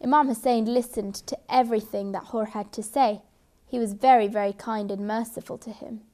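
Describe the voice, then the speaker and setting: A woman tells a children's story in a gentle, expressive voice. Her tone is fairly high and she stresses words for little listeners. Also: fairly quick. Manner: gentle, expressive, with emphatic repeats.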